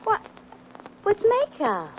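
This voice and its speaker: A woman's voice: extremely high pitch, wildly swooping pitch, takes it slowly, a little hiss or hum, exaggerated voice. Brief: teasing, jealous girlfriend, old-time radio, lo-fi. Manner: playful, teasing. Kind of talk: 1940s radio acting.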